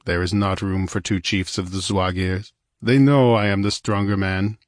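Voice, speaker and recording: A man reading aloud, voicing a grim, confident male barbarian warrior who speaks calmly and with certainty. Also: low voice, normal speed, no echo, studio quality, lightly acted. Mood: cold, certain. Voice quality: calm, imperturbable.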